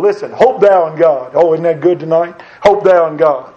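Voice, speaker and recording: A fervent preacher with a notably high voice delivers his sermon and throws questions out to the congregation. The recording is dull and lo-fi. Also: normal speed, warm tone.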